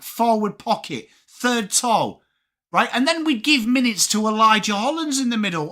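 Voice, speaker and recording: A young English man hosting a live sports watchalong, talking fast and casually, swearing freely and answering chat by name. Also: high-pitched. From England. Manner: animated, swearing, reads chat names aloud. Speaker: livestream host.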